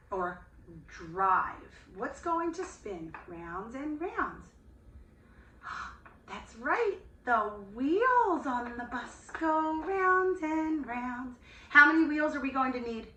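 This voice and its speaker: Bright high-voiced teacher lady talking slow and singsong to little kids, roomy echo from a bit away. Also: far from the mic. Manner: sing-song, slow and gently enthusiastic, with gasps of delight. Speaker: preschool teacher. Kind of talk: online class for young children. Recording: echoey room, voice a bit off-mic, faint hiss.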